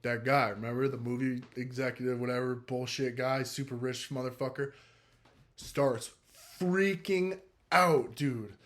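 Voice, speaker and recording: A man's voice: medium pitch, level tone, moderate pace. Young guy telling a story, super casual, cusses a lot, says like constantly. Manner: laid-back, profane, heavy use of filler "like". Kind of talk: casual first-person storytelling.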